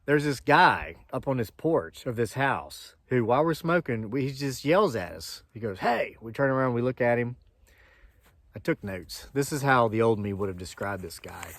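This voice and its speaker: A man's voice: on the low side, dry recording. A man from Appalachia telling a long, rambling story to his viewers in a casual, chatty way, with frequent asides and digressions. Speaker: homesteading channel host.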